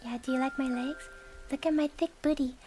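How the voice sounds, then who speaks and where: A woman streamer doing whispered conversational ASMR, giggly and teasing, dropping between soft whispers and short voiced words. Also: high voice, fairly even intonation, a little fast, background noise. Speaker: VTuber streamer. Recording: soft music playing behind.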